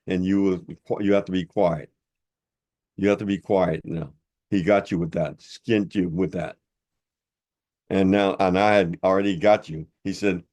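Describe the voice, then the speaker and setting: Older male commentator with a very deep voice, preacher-like, mocking and blunt in a heated rebuttal. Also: darkish tone. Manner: blunt and informal. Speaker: religious commentator.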